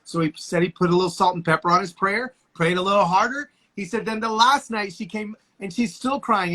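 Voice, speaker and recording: High, bright-voiced passionate man. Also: fairly quick, few pauses. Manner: passionate, preacher-like storytelling. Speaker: guest. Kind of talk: casual conversation. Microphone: video call.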